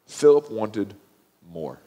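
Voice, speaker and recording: A man preaching a sermon as pastor, animated and acting out the quoted voices with rising intensity. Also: on the low side, takes it slowly, long reverb tail. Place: church sanctuary.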